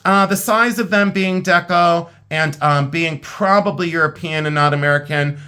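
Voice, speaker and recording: A man's voice: a little high, moderate pace, pushed and bright, clean tone. A middle-aged man, worn out and tired, chatting candidly and rambling a little as he previews vintage jewelry for sale. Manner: candid, rambling, frank and plainspoken. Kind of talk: casual sale preview chat.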